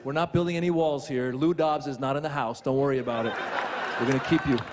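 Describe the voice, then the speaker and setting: A man's voice: mid-range voice, steady tone, fast. A man doing a stand-up set, chatty and repeating his punchlines for the crowd. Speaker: stand-up comedian. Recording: big hall reverb, crowd and noise.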